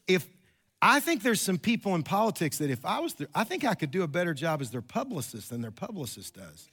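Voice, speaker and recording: Bright-voiced man joking through a sermon. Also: high voice, sing-song, fairly quick, husky. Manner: chatty, joking storyteller with many restarts. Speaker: pastor.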